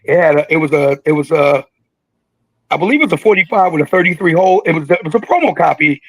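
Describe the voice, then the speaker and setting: A man in his sixties telling stories as a guest in a casual interview, animated and joking, acting out quotes with big jumps in his voice. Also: fairly high pitch, fast talker, no echo, low-quality recording. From Philadelphia. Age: 60s. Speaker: guest, veteran rapper.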